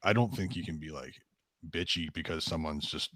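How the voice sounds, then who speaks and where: A man's voice: very deep voice, normal speed. A young adult man co-hosting a podcast in casual chat, rambling with lots of "you know" and acting out quoted greetings. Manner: rambling, many fillers like "you know", acts out quotes brightly. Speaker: podcast co-host.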